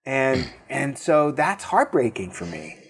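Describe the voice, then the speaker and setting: A man with a Boston accent talks in a relaxed interview chat. He is open and emotional, often restarting his sentences as he speaks. His voice sits at a middle pitch. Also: slow pace, husky. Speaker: breathwork teacher, guest. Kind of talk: casual interview conversation.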